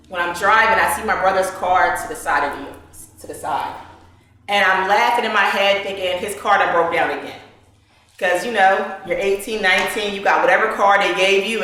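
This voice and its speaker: A woman's voice: medium pitch, pushed and bright. A woman, telling a personal story to a gathering in an earnest, present-tense storytelling way. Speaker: invited speaker. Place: meeting hall. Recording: echoey hall from far off.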